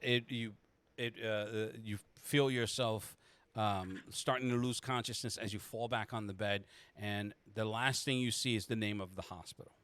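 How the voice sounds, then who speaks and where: A man's voice: lowish voice, fairly even intonation, moderate pace, fairly bright tone, no echo. A man running a tabletop game as game master, narrating in the second person with frequent halts and restarts.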